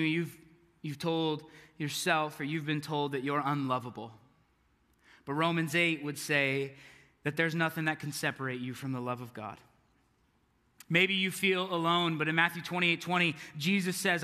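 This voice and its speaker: A young man preaching a sermon in a casual, storytelling way, moving between hushed lines and emphatic ones. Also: a little high. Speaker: pastor. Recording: echoey hall with long reverb.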